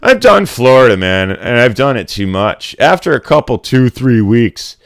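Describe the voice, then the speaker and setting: A man's voice: medium pitch, sing-song, normal speed, creaky, a bit bright, dry recording, clean studio sound. A middle-aged man from Connecticut, hosting a casual livestream chat, rambling and swearing bluntly as he rants. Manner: blunt, rambling, profane ranting. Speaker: livestream host.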